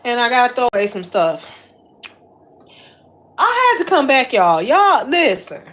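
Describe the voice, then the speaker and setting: A woman hosts her own commentary, talking in a high voice full of slang. She is animated and exclamatory, circling back on the same words again and again as she talks straight to her viewers. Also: a little slow. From Detroit. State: slightly winded while lifting weights. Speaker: YouTube commentary host. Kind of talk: casual commentary chat.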